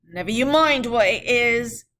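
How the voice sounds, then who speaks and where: A woman's voice: medium pitch, expressive, unhurried, pitched above the performer's own voice. Woman playing a roaring, suspicious coach guard. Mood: commanding. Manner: loud, commanding, threatening. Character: wary, gruff male mail-coach guard.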